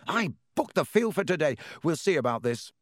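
A man's voice: high-pitched, very animated, moderate pace, fairly bright tone, no room sound, clean studio sound, voice pushed up. A man doing a hot-tempered young team captain. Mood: outraged. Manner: urgent, indignant delivery. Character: young male sports captain, intense, easily angered.

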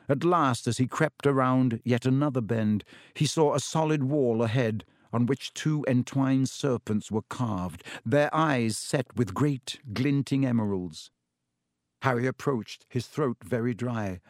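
A man narrating a storybook in a measured, dramatic reading. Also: mid-range voice, darkish tone, no room sound, studio quality. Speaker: audiobook narrator.

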